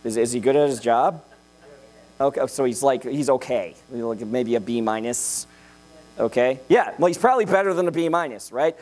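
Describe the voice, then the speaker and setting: A young man preaching a sermon in a jokey, animated way, checking in with "okay?" after each point. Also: medium pitch, moderate pace.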